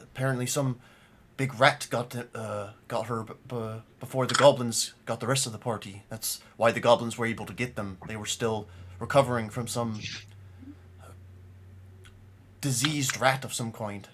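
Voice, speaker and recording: A man's voice: mid-range voice, steady tone, normal speed, background noise, natural voice. A man voicing an old, polite male gnome prisoner who stammers and hesitates a lot. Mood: hesitant.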